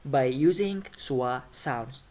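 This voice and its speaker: A man's voice: mid-range voice, slow pace, darkish tone. A man lecturing on phonetics, listing example words and often checking in with the class. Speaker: phonetics teacher.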